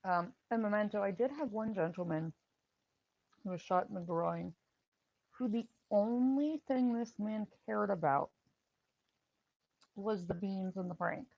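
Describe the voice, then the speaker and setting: A woman's voice: medium pitch, a little slow, creaky, long pauses, darkish tone, no room sound, highs cut off. A woman hosting a livestream, a former EMT telling blunt, wry stories from the job and laughing at them. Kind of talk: casual livestream storytelling.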